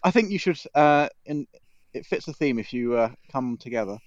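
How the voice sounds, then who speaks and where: Lively guy teasing the hosts, voice jumps around, dry mic. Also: mid-range voice, moderate pace, dry recording, highs cut off. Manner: animated teasing questioner. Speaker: podcast guest. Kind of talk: casual chat.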